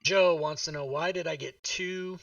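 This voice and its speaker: A man's voice: on the high side, fairly even intonation, moderate pace, creaky, a bit bright, no room sound, recorded from a distance. A man playing a tabletop game, joking and irreverent in casual chat. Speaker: player.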